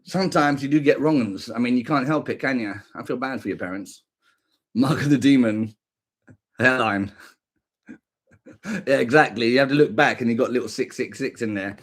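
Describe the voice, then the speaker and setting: A man's voice: medium pitch, normal speed, long pauses. A man delivering a comic, mocking rant, giggling often and jumping between silly voices. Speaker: streamer.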